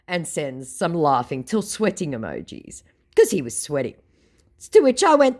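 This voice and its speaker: A woman's voice: low voice, sing-song, moderate pace, darkish tone. A woman, sarcastically retelling a chat with a scammer in a mocking tone. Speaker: scambaiting vlogger.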